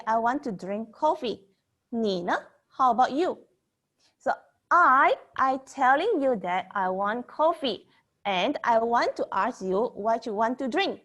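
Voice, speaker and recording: Woman teaching Mandarin, bright-voiced. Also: a little high. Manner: explains slowly, repeats example sentences, frequent "okay?" checks. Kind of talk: online language lesson.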